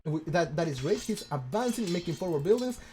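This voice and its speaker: A man casting a strategy game, excitable and stammering, firing off rhetorical questions. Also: fairly high pitch, a little fast, a little hiss or hum. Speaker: game commentator. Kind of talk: casual game commentary.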